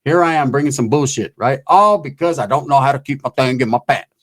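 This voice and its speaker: A man's voice: medium pitch, a little fast, a bit bright. A man telling a crude, rambling stand-up story, tagging lines with "right?" and acting out other people's voices. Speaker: stand-up comedian.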